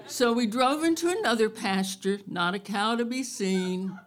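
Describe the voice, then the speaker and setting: A woman telling a true story on stage at a live event, wry and animated. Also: fairly high pitch, a little slow, few pauses, some chatter behind. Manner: wry and animated, loud cattle calls.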